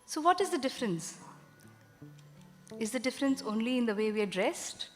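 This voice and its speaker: A woman presents a concert in a teacherly, chatty way, throwing questions out to the audience. Her voice carries a long hall reverb, and soft instrument sounds sit underneath. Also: on the high side, expressive, normal speed, soft background music. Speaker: carnatic vocalist presenting a concert. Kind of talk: explaining music to a live audience.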